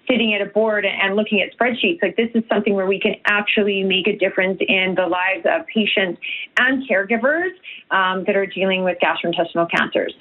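A woman from Canada, earnest and a little emotional, speaking as a radio guest over the phone. Her voice comes through a tinny, narrow phone line. She talks with many fillers and restarts. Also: medium pitch. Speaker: guest, nutritionist and health coach.

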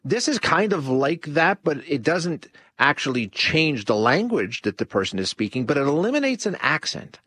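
A man's voice: fairly high pitch, sing-song, moderate pace, few pauses, sharp tone, breathy edge, no echo. A man hosting a call-in talk radio show, rambling with many restarts and fillers. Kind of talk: casual talk radio commentary.

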